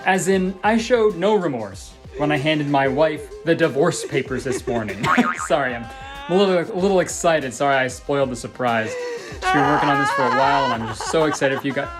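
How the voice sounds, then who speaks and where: A man putting on an impression of a boastful young male family vlogger, talking in loud, hyped patter. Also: on the high side, animated, measured pace, few pauses, over loud music. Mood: smug hype.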